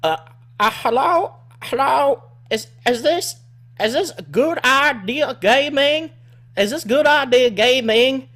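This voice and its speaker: A man voicing a flustered redneck woman caller with an Arkansas accent, talking slowly and accusingly and repeating herself. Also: extremely high pitch, expressive, fairly bright tone, pitched above the performer's own voice, exaggerated voice.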